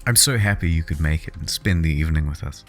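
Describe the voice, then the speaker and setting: A man reading out the lines of an eager, soft-spoken male game developer from a comic fan fiction. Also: rumbling low, fast, faint music behind.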